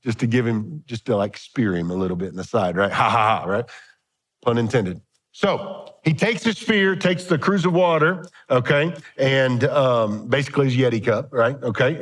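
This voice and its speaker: A man's voice: medium pitch, normal speed. A man preaching a sermon as pastor, reading old scripture aloud and breaking into joking asides.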